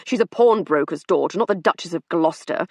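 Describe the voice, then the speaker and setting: A woman voicing a resentful, scornful man in an audiobook, grumbling loudly. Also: fairly low pitch, a little fast, no room sound. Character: grumbling, snobbish middle-aged man. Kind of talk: audiobook character reading.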